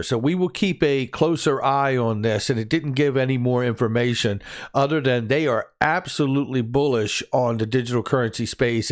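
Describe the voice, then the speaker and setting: A man runs through the day's crypto headlines in a loose, conversational way. He is upbeat and enthusiastic, tossing in jokes and laughing at his own quips as he goes. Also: mid-range voice. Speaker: crypto news channel host. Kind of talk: casual crypto news commentary.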